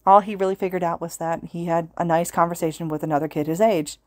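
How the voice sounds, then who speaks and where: A woman reading a fan fiction story aloud as a podfic narrator, calm and steady. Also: fairly low pitch, fast talker, dry recording, studio quality. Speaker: podfic reader.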